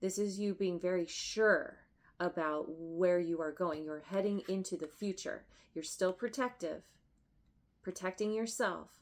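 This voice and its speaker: A woman reads tarot cards aloud to her viewers, taking her time. Her voice sits a little low, and she moves between hushed reflection and excited bursts, often stopping and restarting her sentences. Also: vocal fry. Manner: emotional, effusive, halting with restarts and laughs. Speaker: tarot reader. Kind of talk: tarot reading to camera.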